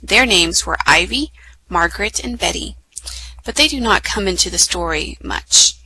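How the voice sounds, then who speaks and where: A woman reads a children's book aloud to her listeners with a bright, clear voice. She keeps it lively and now and then stumbles over a name and corrects herself. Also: fairly low pitch, moderate pace, low-quality recording. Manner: lively, with small slips and self-corrections. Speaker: storytime reader.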